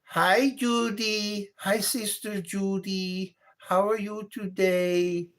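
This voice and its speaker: A man's voice: high-pitched, little pitch movement, slow, a bit bright, voice pushed up. A man doing a cheerful older Caribbean woman. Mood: friendly. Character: older woman family friend, cheerful and polite.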